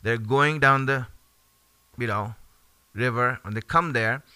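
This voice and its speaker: A man teaching a religious lesson in an animated, conversational way, often dropping in fillers between his points. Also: medium pitch, slow pace, clean tone, dry recording. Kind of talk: storytelling sermon.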